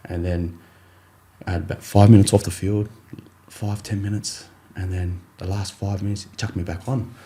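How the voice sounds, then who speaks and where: In a laid-back interview, a young Australian rugby league player appearing as a podcast guest tells his story in a low, warm voice at a moderate pace. He wanders through fillers and restarts, and when quoting his coach he slips into the coach's voice, keeping things easygoing and chatty throughout.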